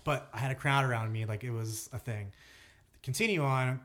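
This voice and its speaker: A man's voice: mid-range voice, moderate pace, fairly bright tone. Guy rambling thru a spooky story on a podcast, lots of likes and ums. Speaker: podcast co-host. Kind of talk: casual chat.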